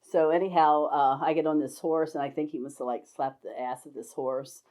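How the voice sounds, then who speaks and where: An older storyteller with a deep, mellow voice and a steady tone talks at a moderate pace through wandering stories of her life, often laughing along the way. The memoir-like chat is heard on a dull lo-fi recording.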